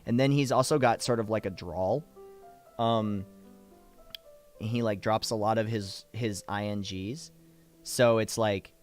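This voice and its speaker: A man chatting casually on a livestream, answering viewer questions in an animated way, laughing easily and swearing offhand. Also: mid-range voice, clean tone, soft background music. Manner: demonstrates voices with quick shifts. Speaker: voice actor and streamer.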